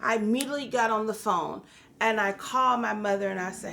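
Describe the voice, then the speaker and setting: A woman hosts a business and real estate show, talking casually to the camera and encouraging viewers, whom she calls "guys," with lots of fillers. Her medium-pitched voice is gravelly with a sharp tone, and she speaks fairly quickly. A little hiss or hum sits under the audio.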